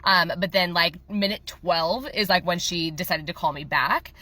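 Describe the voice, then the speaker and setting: A woman's voice: on the low side, steady tone, normal speed, sharp tone, no echo. A young adult woman casually telling a story about a client to the camera, chatty and full of fillers, voicing both sides of the conversation.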